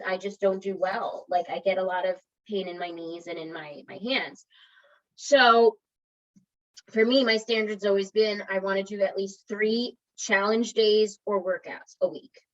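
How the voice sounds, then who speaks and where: A woman's voice: medium pitch, lo-fi sound. A woman wellness coach giving a conversational motivational talk to an online group, encouraging and often checking in with her listeners.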